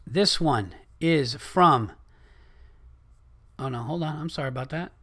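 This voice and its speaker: A man's voice: on the high side, a little slow, a bit bright, husky. A man in his thirties hosting a podcast, ranting in a heated, profane comedic way and often restarting his sentences. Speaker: podcast host.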